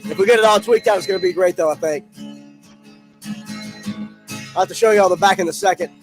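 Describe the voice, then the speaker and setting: A man hosts a laid-back, casual live-stream, chatting loosely with his viewers. He talks very fast in a high-sitting voice, with faint music in the background, recorded through a studio microphone and audio interface.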